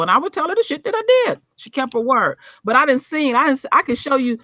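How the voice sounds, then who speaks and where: A woman's voice: high-pitched, very animated, fast talker, few pauses, sharp tone, dry recording. A woman hosting a casual chat, talking bluntly and emphatically with plenty of swearing.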